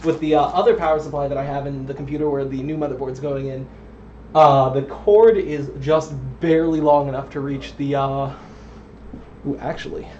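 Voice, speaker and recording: A man's voice: medium pitch, fairly even intonation, moderate pace, warm tone. A young man chatting casually as he streams a computer build at home, rambling with frequent ums and drifting off the mic. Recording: dull lo-fi stream audio with faint noise.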